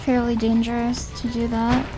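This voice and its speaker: A woman streaming a game, chatting casually and musing aloud, often trailing off into quiet mumbles. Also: a little high, completely flat delivery, normal speed. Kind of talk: casual live-stream commentary. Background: game music.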